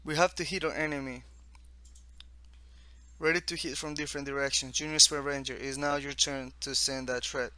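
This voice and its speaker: A man from the East Coast walks through a simple text adventure, reading each line off the screen and adding his own asides. His voice is bright and forward, and it is recorded close and dry with no room sound. He reads haltingly, restarting phrases as he goes. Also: medium pitch, fairly even intonation, dry recording. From East Coast of the United States. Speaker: student demoing his own text game. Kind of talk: casual walkthrough, reading game text aloud.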